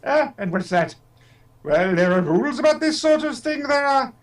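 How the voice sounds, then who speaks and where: A man putting on the voice of a fussy, pompous old gentleman who blusters and chuckles. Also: very high voice, sing-song, moderate pace, recorded from a distance, voice pushed up. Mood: blustering.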